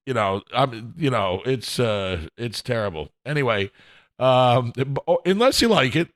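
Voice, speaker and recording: In an expressive, medium-pitched voice with a fairly bright tone, a man runs his solo podcast from home at a measured pace. He rambles, pokes fun at himself, chuckles a lot, and keeps restarting his sentences.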